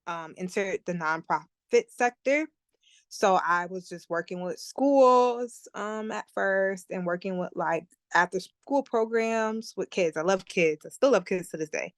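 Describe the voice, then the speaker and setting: A young woman chatting in an interview, relaxed, laughing often and using plenty of fillers. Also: medium pitch, slow pace, smooth, dry recording. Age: young adult. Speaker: guest. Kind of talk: casual interview chat.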